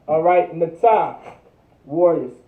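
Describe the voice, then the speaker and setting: A man teaches a livestreamed language class, drilling each word by repeating it again and again and thinking aloud. His voice is on the high side with lively intonation and a slow pace. The audio is echoey, distant, and tinny like a phone.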